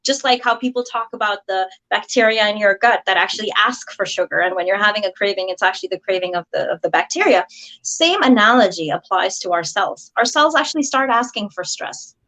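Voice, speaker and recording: A woman practitioner of hypnosis and NLP, explaining her ideas at a steady pace as a guest on a video call. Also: medium pitch, low-quality recording. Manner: steady, explaining, slows to spell things out. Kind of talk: explanatory interview talk.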